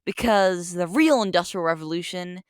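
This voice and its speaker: A woman narrating a comedic gameplay video in a deadpan, sarcastic way. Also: on the low side, moderate pace, clean tone, no room sound, studio quality.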